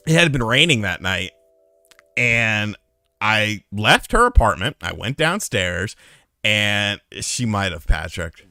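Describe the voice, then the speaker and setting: A man casually telling a profane story on a live stream, getting loud and heated when he retells a fight. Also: lowish voice, sing-song, measured pace, no room sound. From lived in North Carolina.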